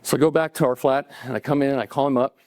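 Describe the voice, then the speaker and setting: Man, live storytelling, conversational, middle pitch, dry close sound. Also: steady tone, rapid-fire, a little mellow, no room sound. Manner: conversational, acting out dialogue, chuckling between lines. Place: cafe event stage.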